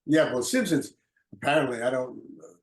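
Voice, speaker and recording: An older man, a guest actor in a casual chat, talking in a relaxed, self-deprecating way. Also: medium pitch, moderate pace.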